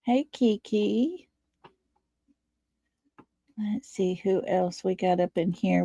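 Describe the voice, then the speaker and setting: Slow, gravelly Texan woman hosting a livestream. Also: medium pitch, dark tone, dry recording, lo-fi sound. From Texas. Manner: folksy, greets chat viewers by name. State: tired, low on energy. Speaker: livestream host. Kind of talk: casual live-stream chat.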